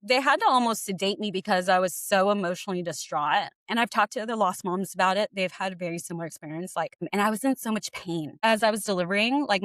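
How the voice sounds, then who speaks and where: Tearful, fast-talking woman podcaster. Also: medium pitch, fairly bright tone, no echo. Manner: tearful, fast, says like a lot. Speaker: podcast co-host sharing her story. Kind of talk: emotional personal storytelling.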